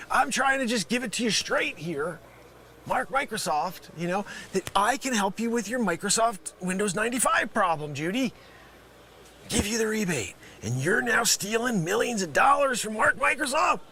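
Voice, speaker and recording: A man's voice: sits high, expressive, normal speed, bright, forceful tone, slight background noise. A man improvising a comedy phone-scam sketch, bellowing insults and then dropping to a mutter. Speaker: host of a live improv comedy show.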